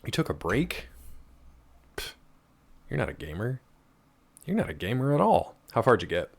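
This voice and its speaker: A man's voice: mid-range voice, sing-song, moderate pace, creaky. A man streaming a game live, chatting casually and teasing his chat as he answers them.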